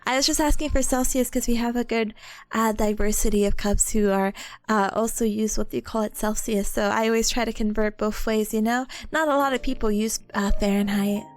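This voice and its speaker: A woman's voice: on the high side, fairly even intonation, brisk. An American woman chatting casually with her viewers on a livestream, bubbly and giggly as she greets them by name. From United States.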